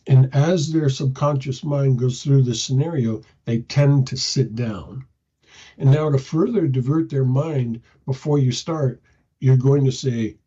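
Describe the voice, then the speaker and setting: Male speaker, unhurried and husky, demonstrating soothing command phrasing. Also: medium pitch, dark tone. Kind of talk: instructional talk. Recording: dull lo-fi audio.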